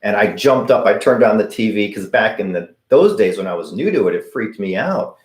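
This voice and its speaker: A man's voice: fairly low pitch, expressive, a little fast. A middle-aged man hosting a live viewer Q&A, telling stories casually and acting out the voices he quotes. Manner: chatty, anecdotal, acts out quoted voices. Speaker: host of a paranormal channel answering viewer questions. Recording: echoey room.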